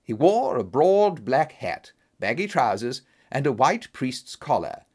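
A man reading an audiobook story aloud with steady storytelling. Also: a little slow. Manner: steady storytelling, animated pitch. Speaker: narrator. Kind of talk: scripted audiobook narration.

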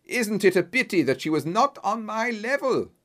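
A man voicing an excitable, boastful king who speaks emphatically in a storybook reading. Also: sits high, moderate pace, pitched above the performer's own voice. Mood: effusive. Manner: emphatic, exclaiming.

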